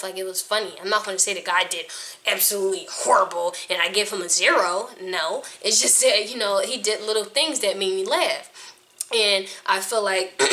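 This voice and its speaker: Bright-voiced woman acting coach, casual and blunt, laughs a lot. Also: medium pitch. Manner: frank, chatty, laughs often. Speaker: acting coach and casting judge. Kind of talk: casual advice to camera.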